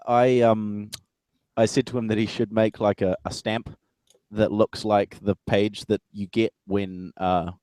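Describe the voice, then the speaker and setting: A man chatting as a guest on a video call, rambling jokily and trailing off into quiet asides. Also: fairly low pitch, level tone, unhurried, clear, resonant tone, dry recording. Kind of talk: casual chat.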